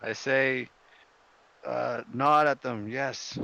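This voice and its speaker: A man's voice: medium pitch, fairly even intonation, extremely slow, gravelly, sharp tone, dull audio. A man playing a character in a tabletop game, talking casually and joking dryly. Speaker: player.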